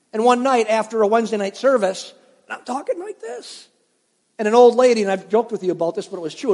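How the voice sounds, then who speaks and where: A man's voice: sits high, a little mellow. A middle-aged man preaching a sermon as pastor, talking conversationally and telling stories while putting questions to his congregation. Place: church sanctuary. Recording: long hall reverb.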